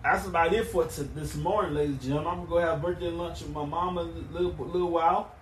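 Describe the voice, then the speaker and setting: A man hosting a wrestling podcast on his own, recapping matches and plugging shows in an excitable, rambling way. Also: a little high, quick pace, reverberant, slight background noise. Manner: excitable, rambling, with restarts and emphatic bursts. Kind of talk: solo podcast recap and show plugs.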